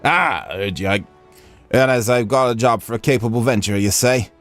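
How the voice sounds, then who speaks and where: A man doing a gruff Cockney tavern keeper. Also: medium pitch, lively intonation, moderate pace, a bit bright, soft background music, natural voice. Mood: brash. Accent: attempted Cockney. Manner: rough, swaggering, slangy. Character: gruff male tavern keeper, middle-aged, brash. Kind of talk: reading game dialogue aloud on a stream.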